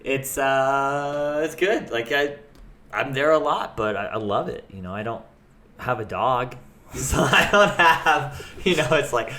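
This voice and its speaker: A man's voice: medium pitch, expressive, measured pace, pushed and bright. A young adult man, a chef and restaurant owner, talking candidly and rambling in a casual interview, swearing freely. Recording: echoey room with faint noise.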